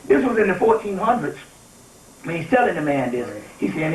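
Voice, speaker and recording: A man giving an informal spiritual lecture to a live audience, animated and emphatic, often checking in with his listeners. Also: sits high, a little fast, a little hiss or hum. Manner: animated and emphatic, often asks "you see what I'm saying?". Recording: echoey room, taped from far off.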